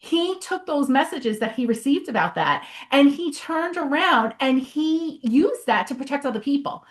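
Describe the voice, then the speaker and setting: A middle-aged woman talks as a guest therapist, her voice sitting notably high. She tells stories with energy and acts out what people said. The tone is casual and conversational. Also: moderate pace. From Brooklyn, New York. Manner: animated storytelling, acts out quoted dialogue. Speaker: psychotherapist guest.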